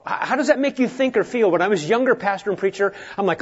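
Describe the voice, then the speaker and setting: A man's voice: sits high, animated, husky. Earnest preaching man, dull lo-fi sound. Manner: earnest, rising to emphatic then dropping quiet and slow. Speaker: pastor. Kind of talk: sermon. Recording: dull lo-fi recording.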